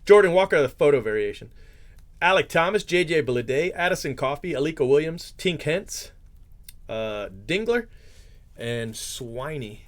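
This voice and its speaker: A man's voice: a little high, lively intonation, moderate pace. A man hosting a live card break, chatting casually, joking and tripping over his words as he reads out player names. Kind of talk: casual live-stream chat.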